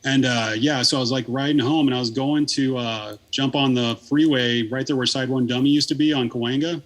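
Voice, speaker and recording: A man's voice: mid-range voice, fairly even intonation, brisk. A man in his thirties, a podcast guest, telling a long story in casual, rambling talk full of swearing and fillers.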